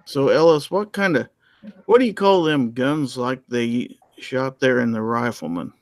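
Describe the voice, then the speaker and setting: A man's voice: medium pitch, animated, a little slow, no echo. Laid-back man in a dry room. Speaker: guest. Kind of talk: casual chat.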